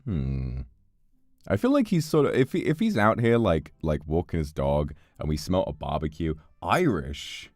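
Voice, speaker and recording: A man's voice: sits low, sing-song, normal speed, darkish tone, no echo, studio quality, soft background music. A man streaming a game, reading its text aloud and joking in casual commentary. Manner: playful, reads game text aloud and jokes.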